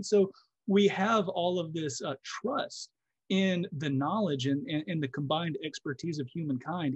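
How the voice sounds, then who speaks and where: A man's voice: on the high side, slightly rough, no room sound. A man who is a guest physiotherapist, talking through ideas in a casual podcast conversation, thoughtful and explanatory with frequent restarts.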